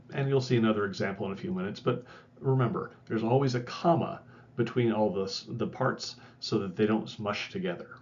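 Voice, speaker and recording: A man's voice: fairly low pitch, darkish tone, dull audio, slight background noise. A man giving a recorded lecture in a conversational way, correcting himself and adding wry asides. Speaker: instructor.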